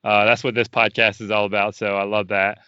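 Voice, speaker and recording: A man's voice: on the low side, flat delivery, fairly quick, bright, forceful tone, clear, resonant tone, dry recording, muffled recording. A man hosting a podcast, introducing and chatting with a guest in a friendly, loose way. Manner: friendly, lots of fillers and restarts. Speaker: podcast host. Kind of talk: casual interview.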